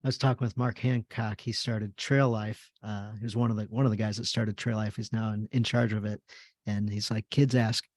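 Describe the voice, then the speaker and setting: A man's voice: on the low side, little pitch movement, moderate pace, darkish tone, no room sound. A man hosting a podcast, chatting in a casual and affirming way. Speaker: podcast host. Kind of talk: casual conversation.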